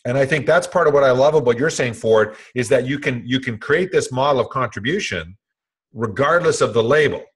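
Husky, enthusiastic male podcast co-host. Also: medium pitch, fairly bright tone. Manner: enthusiastic, rambling, laughs often. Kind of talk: casual podcast conversation.

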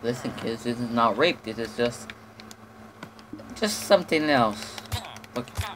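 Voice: medium pitch, expressive, measured pace, fairly bright tone, a little hiss or hum. A gamer giving casual, jumpy commentary on his own play, with lots of swearing, panicked yelps and idle humming. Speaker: lets-play host.

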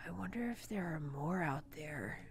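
A woman voicing a quiet, odd boy in a game read-aloud, speaking in a hush. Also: mid-range voice, measured pace, a little hiss or hum, lightly acted. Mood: eerie.

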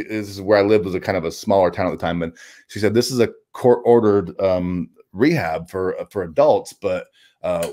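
A man with a deep, low-pitched voice speaks as a guest in an interview. He tells a personal story candidly and plainly. His speech halts and restarts often, with casual swearing mixed in. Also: a little mellow.

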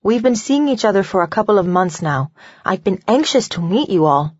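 A woman's voice: medium pitch, very animated, a little fast, dry recording, muffled recording. A woman narrator voicing a polite, nervous young woman who speaks carefully.

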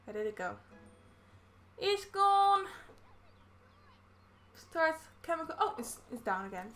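A woman's voice: mid-range voice, expressive, quick pace, a bit bright, soft background music. A woman from the Netherlands giving casual commentary as she plays a life-sim game, chatting through each action. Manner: chatty, narrating her own game actions. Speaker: gaming YouTuber. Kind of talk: casual Let's Play commentary.

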